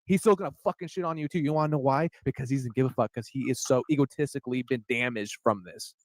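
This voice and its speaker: A man's voice: medium pitch, fast, no room sound. A man in heated, casual chat, crude and mocking, swearing constantly.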